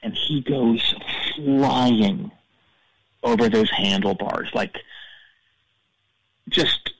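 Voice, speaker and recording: A man playing a husky, vain radio DJ. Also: mid-range voice, sing-song, very slow, a bit bright, no room sound, exaggerated voice, low-quality recording. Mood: deadpan. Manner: rambling storyteller, stammering restarts. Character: vain male radio DJ, cold and self-absorbed. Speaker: caller. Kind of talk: comedic call-in character bit.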